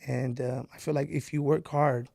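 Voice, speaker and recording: A man's voice: medium pitch, steady tone, normal speed, vocal fry, a little mellow, dry recording, studio quality. A man from Mexico, a podcast guest, telling stories casually with plenty of swearing and "bro". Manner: profane, emphatic, says "bro" often. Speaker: entrepreneur guest.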